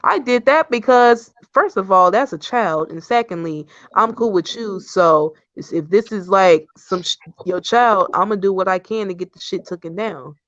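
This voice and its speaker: A woman's voice: mid-range voice, moderate pace, hardly any pauses, fairly bright tone, no room sound. A young woman in casual online chat, defending herself bluntly and swearing freely. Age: young adult. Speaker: guest. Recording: dry, slightly dull stream audio.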